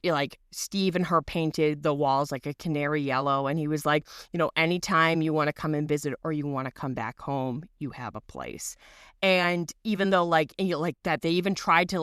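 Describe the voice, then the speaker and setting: A woman in her thirties co-hosting a podcast, telling a story in a loose, rambling way with lots of fillers and the odd swear word. Her voice sits on the low side and is smooth and clear. The sound is dry and close, with no room echo. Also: a bit bright. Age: 30s. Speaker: podcast co-host. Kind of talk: casual chat.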